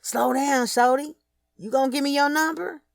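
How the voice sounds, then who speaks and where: Woman voicing a smooth-talking older hustler. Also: lowish voice, normal speed, no echo, clean studio sound, distant mic. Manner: smooth, teasing, slangy come-ons.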